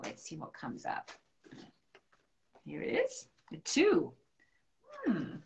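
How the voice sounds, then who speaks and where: Woman, middle-aged, spiritual coach, gentle, encouraging, leading affirmations, live-stream card reading. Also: mid-range voice.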